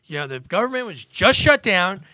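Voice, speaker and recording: A man's voice: sits high, very animated, normal speed, sharp tone, no echo, studio quality. A man arguing his side in a casual podcast debate, joking and building scenarios. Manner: jokey, builds scenarios to argue his case. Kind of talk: casual argumentative banter.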